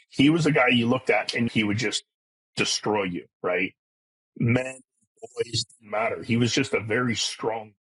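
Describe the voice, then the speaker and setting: A man's voice: mid-range voice, a bit bright, husky, rough recording. A middle-aged man as a podcast guest, telling his life story in a blunt, earnest way with casual profanity. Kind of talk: candid personal storytelling.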